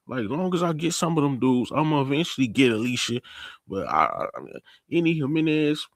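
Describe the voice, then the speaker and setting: A man giving a casual, slang-heavy TV episode recap, telling the story in an animated way. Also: mid-range voice, a little fast, vocal fry, no room sound. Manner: animated storytelling, acting out characters, laughing. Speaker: TV recap host.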